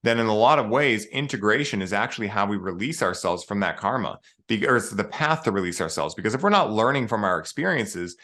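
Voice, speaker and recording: Male guest, lower register, bright and forceful, earnest and spiritual in casual conversation. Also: lively intonation, brisk, hardly any pauses. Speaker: podcast guest.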